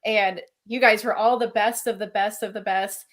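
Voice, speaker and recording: A woman author talking in a casual video-call interview, enthusiastic and quick to praise her cast. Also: medium pitch, fairly even intonation. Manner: enthusiastic, warm praise with laughs. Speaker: author and producer.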